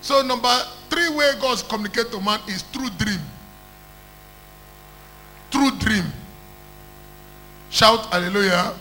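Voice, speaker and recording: A man's voice: high-pitched, expressive, slow, pauses often, sharp tone, faint music behind, low-quality recording. A man preaching an emphatic call-and-response sermon who repeats phrases and calls for hallelujah.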